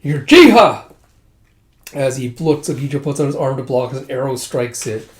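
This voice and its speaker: A man casually recapping a manga volume, narrating quickly and introducing each quoted line with "it's like". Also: mid-range voice, little pitch movement, mellow. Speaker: manga reviewer. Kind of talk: casual manga read-through.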